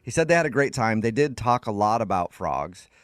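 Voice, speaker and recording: A man's voice: lowish voice, lively intonation, a little fast, dry recording, clean studio sound. A man hosting a morning radio show, joking and laughing often with a caller. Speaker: radio host.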